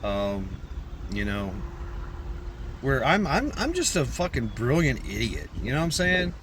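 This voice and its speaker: Male vlogger, plain mid voice, rambling and profane, recorded outside over clear background noise. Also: mid-range voice, very animated, measured pace, a bit bright. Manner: rambling, profane, repeats words. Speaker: channel creator. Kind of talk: casual vlog monologue.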